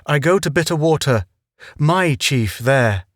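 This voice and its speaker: A man voicing a defiant young man who speaks in terse, broken phrases, steady and firm. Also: on the high side, a little slow, no room sound, studio quality. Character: young man, defiant captive trading bluffs.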